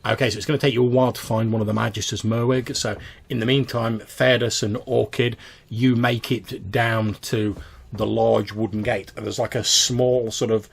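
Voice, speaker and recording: A man narrating as game master of a tabletop game, halting and full of fillers. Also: lowish voice, little pitch movement, creaky, breathy edge.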